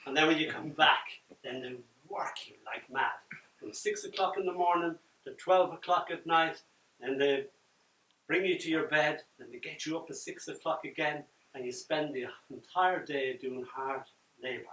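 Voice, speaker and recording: Older poet, roomy and distant. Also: male voice, fairly high pitch, fairly even intonation, normal speed. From Ireland. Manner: dramatic delivery, swinging from loud to near-whisper. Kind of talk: live poetry reading with chat. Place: event room at a book launch. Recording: roomy echo from far off.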